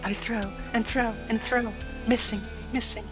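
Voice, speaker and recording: A woman's voice: a little high, little pitch movement, unhurried, natural voice. A woman voicing a bitter, sleepless female fiend who swears venomously and breaks into sobs, reading a visual novel aloud. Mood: anguished. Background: game music.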